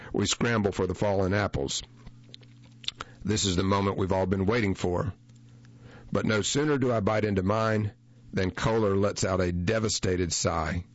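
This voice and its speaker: A man reading a first-person feature story aloud in a measured, unhurried way. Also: deep voice, dull audio. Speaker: narrator.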